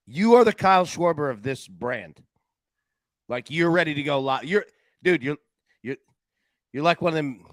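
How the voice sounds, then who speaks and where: A man's voice: on the high side, dry recording. A man hosting a sports betting show, chatting casually in a loose, slangy way. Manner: animated, loose and slangy, lots of "man" and "dude".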